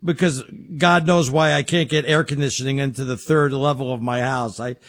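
A man's voice: mid-range voice, normal speed. A man telling a rambling story in casual chat, stumbling over his words. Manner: rambling animated storyteller, stammers.

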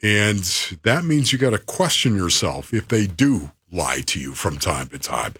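Male sports radio host, husky tone, lively swooping delivery, playful and theatrical. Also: low-pitched, unhurried. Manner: playful, theatrical, rattles off lists. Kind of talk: casual sports talk.

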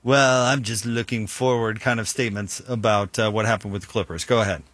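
A man hosts a sports talk radio show, bantering playfully and often cutting himself off mid-sentence. His voice is bright and forward. The studio sound is close and dry. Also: fairly low pitch, steady tone, a little fast, no echo. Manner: joking, self-interrupting, playful.

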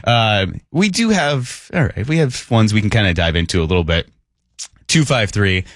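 A man's voice: fairly low pitch, lively intonation, normal speed, fairly bright tone, no room sound, clean studio sound. Upbeat man hosting sports radio. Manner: upbeat, joking, reads listener texts aloud. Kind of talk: morning sports radio talk. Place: radio studio. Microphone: studio microphone.

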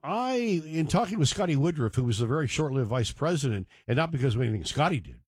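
Rambling, lively, husky man hosting radio. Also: fairly high pitch, fast, dry recording, clean studio sound. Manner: rambling, digressive, joking asides. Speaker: radio show host. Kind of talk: casual talk radio monologue.

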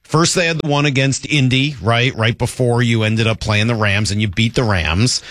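A man hosting a casual sports talk show, rambling and laughing as he goes through football highlights. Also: dry recording, clean studio sound. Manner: lively, rambling, laughs often. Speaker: sports radio host.

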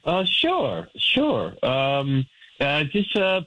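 A man caught on a radio prank call, hesitant and stammering with many pauses. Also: a little high, huge pitch swings, fairly bright tone, no echo, rough recording. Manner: hesitant, stammering, full of ums.

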